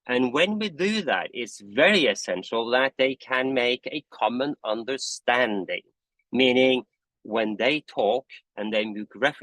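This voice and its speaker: A man's voice: medium pitch, a bit bright, dry recording, poor audio. Chatty man presenting on a video call. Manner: conversational, self-correcting, admits talking fast from coffee. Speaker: presenter, standards committee convener. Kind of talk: online webinar presentation.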